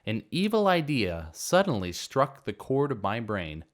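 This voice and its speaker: A man narrating a reddit story in a dramatic, expressive way. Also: mid-range voice, measured pace.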